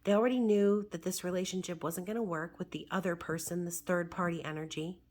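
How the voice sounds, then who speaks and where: Woman, hoarse voice, somewhat low, chatty tarot reading, wry asides. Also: steady tone, brisk, darkish tone. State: hoarse, recovering voice. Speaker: tarot reader.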